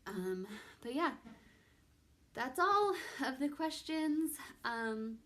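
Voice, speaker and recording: A woman's voice: sits high, big pitch swings, drawn-out words, fairly bright tone. A young woman vlogger chatting casually to camera, rambling with many ums and restarts. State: pregnant.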